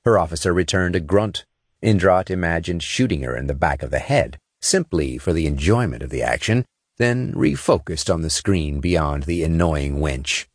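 A man reads a science fiction audiobook in a measured way. His voice is very deep and husky, with lively rises and falls, and the sound is dry and close. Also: dry recording. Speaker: audiobook narrator. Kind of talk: scripted narration.

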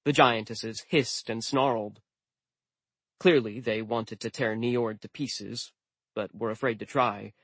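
A male audiobook narrator reads at an unhurried pace with a husky, slightly breathy tone. His delivery is dry and wry, close to a studio mic in a dry room. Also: medium pitch, steady tone, a bit bright, no echo. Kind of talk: first-person storybook narration.

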